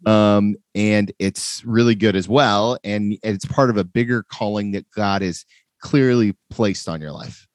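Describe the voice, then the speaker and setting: Low-voiced man hosting a faith podcast. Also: dry recording, clean studio sound. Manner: friendly, halting with fillers and restarts. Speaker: podcast host. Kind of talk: casual faith podcast interview.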